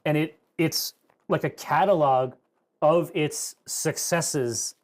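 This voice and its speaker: A man playing in a tabletop role-playing game, talking casually and excitedly, often restarting his sentences. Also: a little high, slow. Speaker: player.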